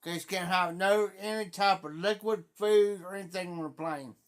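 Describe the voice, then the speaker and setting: A man's voice: sits high, fairly even intonation, moderate pace. A middle-aged man from Ohio with a southern Ohio Appalachian accent, hosting a livestream in a folksy, rambling casual chat and greeting viewers by name. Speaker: livestream host.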